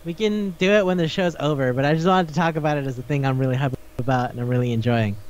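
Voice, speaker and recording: A young man co-hosting a casual podcast, swearing a lot and acting out characters in animated voices. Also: on the high side, fast. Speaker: podcast co-host. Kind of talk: casual chat about anime. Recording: dull lo-fi podcast recording.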